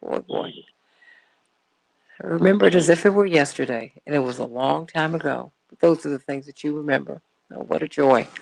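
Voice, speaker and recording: A woman's voice: low voice, brisk, vocal fry, darkish tone. A woman hosting a morning talk radio show from a studio, chatty and exclamatory, often repeating her words.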